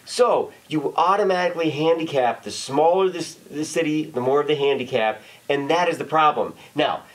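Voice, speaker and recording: A man co-hosting a casual sports debate, animated and argumentative, swearing freely as he makes his points. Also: fairly high pitch, normal speed, low-quality recording. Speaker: sports debate show host.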